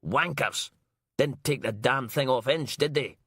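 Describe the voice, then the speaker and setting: Brief: man playing a brash, sweary woman inspector for an audiobook, raised and sharp-tongued, dry close sound. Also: mid-range voice, measured pace, slightly rough, no echo, voice pushed up. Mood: furious. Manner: sweary, sarcastic, ranting. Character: foul-mouthed brash female detective inspector.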